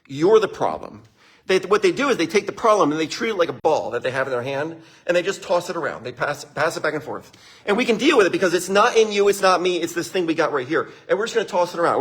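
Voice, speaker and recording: A man giving relationship advice in a live talk, chatty and animated, laughing often and speaking straight to his listeners. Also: fairly high pitch, husky.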